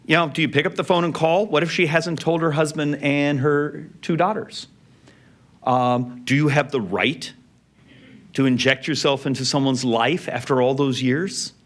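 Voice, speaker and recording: A middle-aged man giving a speech, telling a personal family story in an anecdotal way and dropping quiet and soft in the emotional parts. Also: a little high, fairly even intonation, normal speed. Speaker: speaker. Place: event venue.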